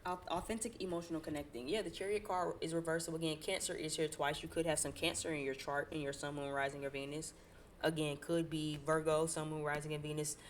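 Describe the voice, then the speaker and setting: A woman's voice: low voice, flat delivery, brisk, background noise. A woman giving a casual tarot reading, talking in a blunt, preachy and colloquial way and swearing now and then. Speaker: tarot reader.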